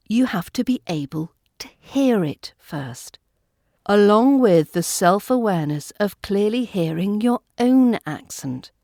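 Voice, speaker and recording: A woman with a British RP accent hosting a podcast lesson on accents, speaking in a clear, measured teaching manner into a close mic. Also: mid-range voice, a little mellow, no room sound. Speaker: accent coach and podcast host.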